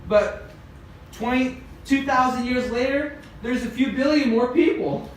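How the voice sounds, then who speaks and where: A man's voice: very high voice, measured pace. A man preaching a casual youth-group sermon, retelling a Bible story in a loose, conversational way with many fillers. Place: church youth group room. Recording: very echoey room, distant mic, faint noise.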